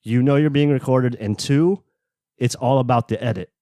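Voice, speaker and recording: A man's voice: medium pitch, normal speed, dark tone, no echo. Chill guy co-hosting a podcast, dry close mic, swears casually. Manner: laid-back, swears casually, acts out quotes. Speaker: podcast co-host. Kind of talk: casual chat.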